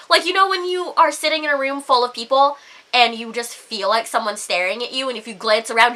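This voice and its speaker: A young woman vlogging a heated rant, full of swearing and filler "like"s. Her voice is high and bright. Her pitch leaps around as she talks. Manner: heated, swears a lot, constant "like". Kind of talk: ranting to camera.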